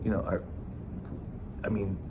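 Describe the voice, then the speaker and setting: A man's voice: a little slow, dark tone, a little hiss or hum. A man with a New York accent, a former bouncer, telling a rambling, profane story in casual talk.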